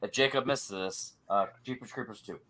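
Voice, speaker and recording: A man's voice: lowish voice, moderate pace, pushed and bright, rough recording. A man playing in a trivia game who swears and trash-talks the other players. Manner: profane trash talk. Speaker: quiz contestant. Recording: clear background noise.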